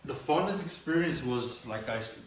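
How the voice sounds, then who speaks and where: Profane street-talking storyteller, echoey and distant. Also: male voice, medium pitch, lively intonation, normal speed, slight background noise. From Los Angeles. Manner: profane street-slang storytelling, says "bro" and "you know" a lot. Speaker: graffiti artist, interview guest. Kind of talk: casual storytelling interview. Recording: echoey room, mic at a distance.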